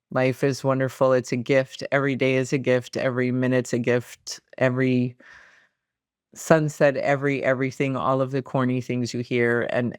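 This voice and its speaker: A man hosting a podcast, giving steady, encouraging closing words to listeners. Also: medium pitch, clean tone, no room sound, clean studio sound. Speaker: podcast host. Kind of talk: casual podcast talk.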